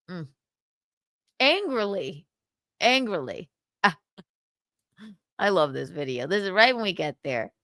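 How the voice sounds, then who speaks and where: A young woman chats on her livestream in an unhurried, bouncy voice that leaps up and down as she gossips. She laughs often and swears freely. The sound is close and dry. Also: mid-range voice, a bit bright, no echo. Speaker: livestream host. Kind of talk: casual livestream chat.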